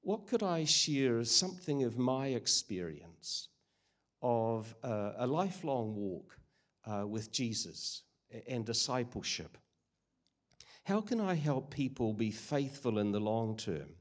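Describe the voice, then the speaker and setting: A man's voice: mid-range voice, very animated, takes it slowly. An older man preaching a sermon, earnest and conversational with frequent hesitations. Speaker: guest preacher.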